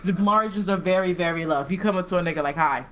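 A woman's voice: lowish voice, rapid-fire, a bit bright. A woman co-hosting a podcast, talking bluntly and profanely in casual chat. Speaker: podcast co-host.

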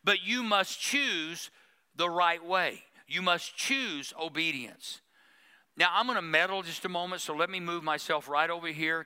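A pastor preaching a sermon in church, with humor and mock prayers. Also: male voice, on the high side, bright, forceful tone, clean tone.

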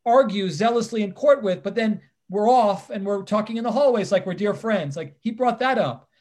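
A criminal defense attorney in his fifties, appearing as a guest, tells personal stories in conversation. He's animated and emphatic, acting out the dialogue, with a high voice at a moderate pace.

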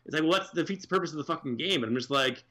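A man's voice: a little high, very fast, pushed and bright. A man co-hosting a podcast in casual chat, rambling and swearing with many fillers. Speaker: podcast co-host.

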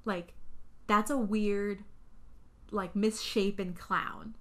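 A woman's voice: mid-range voice, animated, unhurried, fairly bright tone. A young woman co-hosting a podcast, chatting casually and animatedly, swearing and acting out scenes in voices. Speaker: podcast co-host. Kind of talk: casual chat recapping a film.

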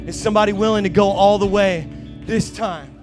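A man preaching a sermon as pastor, building to shouted, rising emphasis. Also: high-pitched, steady tone, fairly quick, over music.

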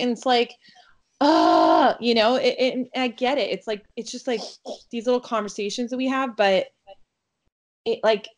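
A woman in her thirties talking casually as a co-host, animated and quick to get heated, filling her talk with "like". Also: on the high side. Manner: animated, lots of "like", gets heated. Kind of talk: casual chat.

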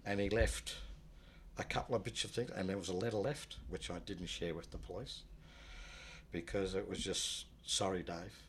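A man telling a personal story in a rambling, halting way, often dropping low and quiet. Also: fairly even intonation, slight background noise. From Australia. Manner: rambling, many restarts, low and subdued when recalling loss. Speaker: guest telling his life story. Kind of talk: casual spoken storytelling.

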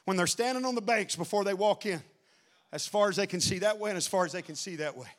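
A man preaching an impassioned revival sermon, shouting and calling out to the congregation. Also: sits high, quick pace.

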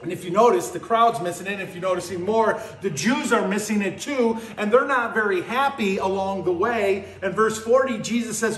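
A man preaching a sermon, teaching verse by verse with emphatic rises and low, quiet drops. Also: normal speed, few pauses, roomy sound, soft background music.

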